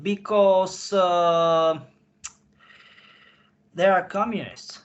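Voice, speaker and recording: A man speaking in casual conversation, halting and searching for his words. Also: high-pitched, fairly even intonation. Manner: halting, searching for words in non-native English. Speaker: podcast guest insider. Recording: dull lo-fi audio.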